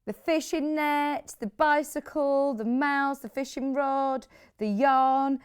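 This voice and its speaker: A woman's voice: high-pitched, steady tone, slow. A British woman hosting a live TV shopping show, chatty and rambling, with lots of asides. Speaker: shopping channel host.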